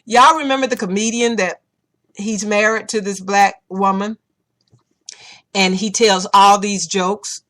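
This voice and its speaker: A woman hosting a podcast in casual opinion-show style, talking bluntly and profanely and telling animated stories. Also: mid-range voice, unhurried. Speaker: podcast host. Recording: podcast recording.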